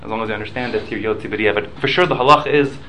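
A man's voice: on the low side, very fast, pushed and bright, slight background noise, poor audio. A man leading a casual study class, explaining points patiently, mixing in Hebrew and Aramaic study terms and checking in with listeners. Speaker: Talmud class teacher.

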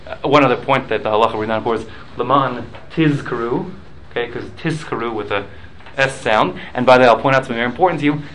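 A man's voice: mid-range voice, fast, hardly any pauses, fairly bright tone, slight background noise, rough recording. A man leading a casual study class, explaining points patiently, mixing in Hebrew and Aramaic study terms and checking in with listeners. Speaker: Talmud class teacher.

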